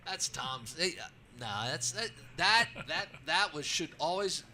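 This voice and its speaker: Radio guest: male track announcer, punchy bright voice, excitable storyteller, slightly high. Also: a little slow, slight background noise. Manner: excitable, acts out his own calls, many restarts. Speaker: racetrack announcer, show guest. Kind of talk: animated storytelling in a radio interview.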